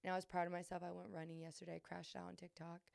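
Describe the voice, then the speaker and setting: Racing along in a completely flat, fairly low voice with vocal fry and a slightly mellow quality, a young adult woman hosts a podcast. She talks openly and earnestly about what she's struggling with, full of fillers and restarts, in a dry studio-quality recording.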